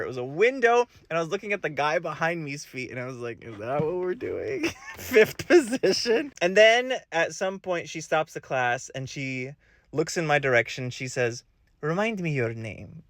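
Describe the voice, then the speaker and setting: Young man, bright lively voice, comic vlog storyteller who laughs a lot and acts out quotes, dry close sound. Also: sits high, no echo. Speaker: vlogger telling a story.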